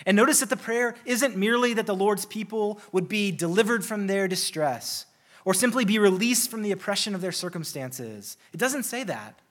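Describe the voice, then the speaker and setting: A man preaching a sermon in an earnest way, slowing down and building intensity through lists. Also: sits high, fairly bright tone. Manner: earnest, slows and stresses key phrases. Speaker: pastor.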